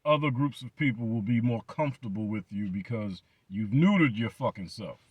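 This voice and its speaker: A man hosting his own channel, ranting bluntly and swearing hard, repeating words for emphasis. His voice sits at an ordinary middle pitch, and the sound is dry and close to the mic. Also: expressive, moderate pace, breathy edge, no echo. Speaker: channel host. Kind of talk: profane commentary rant.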